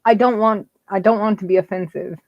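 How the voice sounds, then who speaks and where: A woman's voice: medium pitch, fairly even intonation, brisk, no echo. A woman co-hosting a casual stream show, giggly and crude in her jokes. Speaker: show co-host. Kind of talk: casual live-stream chat. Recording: dull dry audio.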